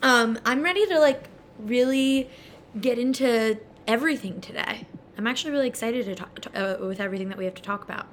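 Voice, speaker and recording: A woman's voice: on the high side, fairly quick, slight background noise. A young woman co-hosting a casual podcast. She rambles, giggles and uses lots of fillers. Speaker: podcast co-host.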